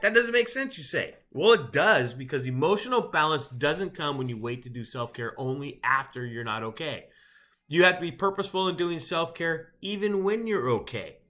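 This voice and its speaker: A middle-aged man talks to first responders in a chaplain's easygoing, wry way, his pitch jumping up and down with feeling. His tone is bright and forward, and he chuckles at his own jokes. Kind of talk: motivational talk to camera.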